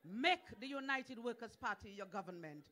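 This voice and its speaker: Fiery shouting Dominican politician. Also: male voice, extremely high pitch, animated, normal speed. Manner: fiery, shouting, repetitive calls. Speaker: senator. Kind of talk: political rally speech.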